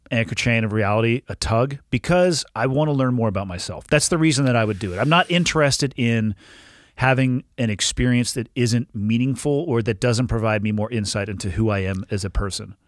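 A man's voice: medium pitch, a little fast, no echo, studio quality. A man hosting a podcast, speaking in a thoughtful, plain-spoken way with casual swearing. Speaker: podcast host. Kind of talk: casual conversation.

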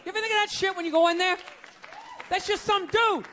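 A man's voice: extremely high pitch, fairly even intonation, a little fast, sharp tone, some chatter behind, a little hiss or hum. A man doing stand-up comedy, ranting in a profane, incredulous way before a live audience. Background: audience laughter.

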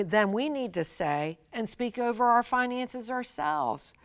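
A woman teaching a sermon on finances, mid-pitched and emphatic, leaning on repeated phrases. She voices quoted people as she goes. Her voice is recorded dry and close. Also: a bit bright, no room sound. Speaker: Christian money teacher. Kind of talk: preaching teaching.

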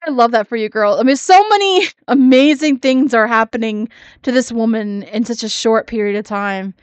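A woman with a slightly high voice delivers snarky reaction commentary. She mocks and scolds freely, with lots of restarts. The sound is close and dry. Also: moderate pace, dry recording. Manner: sassy, mocking. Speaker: commentary YouTuber.

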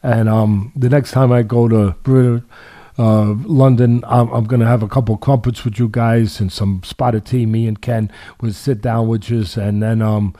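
An older man holds forth on boxing in loose, casual talk. He circles back on himself, restarts his sentences and leans on fillers, with a middle-pitched, ordinary voice. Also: flat delivery, normal speed, warm tone. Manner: rambling, many restarts and fillers, jokey then earnest. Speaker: boxing podcast host.

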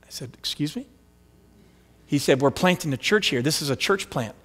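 A man's voice: on the high side, fast talker. A man preaching a storytelling sermon as pastor, acting out the voices of the people in his stories. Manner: animated, acts out quoted voices. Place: church sanctuary. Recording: long hall reverb.

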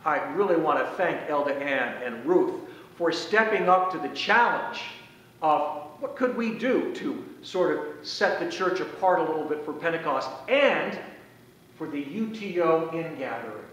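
A man priest giving a conversational, folksy sermon, slowing down to stress key phrases, in a church sanctuary. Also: a little high, lively intonation, a bit bright. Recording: echoey church from far off.

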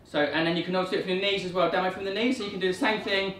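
A woman's voice: fairly low pitch, fairly even intonation, fairly bright tone, recorded from a distance. A woman coaching a family workout at home, upbeat and playful as she counts people in. She sounds a little off-mic in a very echoey living room, with faint noise underneath. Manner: upbeat, playful, gives quick cues. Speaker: fitness instructor.

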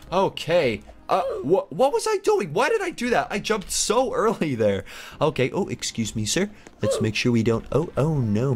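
A young man giving excitable, chatty Let's Play commentary with frequent gasps and mock-posh asides. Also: on the high side. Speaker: gaming YouTuber. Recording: faint background music.

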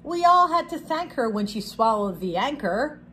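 A woman's voice: fairly high pitch, normal speed, slight background noise. Woman reading a picture book aloud. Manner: expressive read-aloud with chatty asides.

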